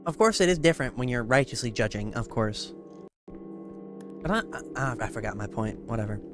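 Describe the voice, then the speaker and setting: A man talks through questions of faith with a live audience, explaining each point earnestly and gently urging care. His voice sits at an ordinary middle pitch, and soft music plays underneath. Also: expressive, brisk. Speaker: Christian streamer. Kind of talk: casual faith chat while gaming.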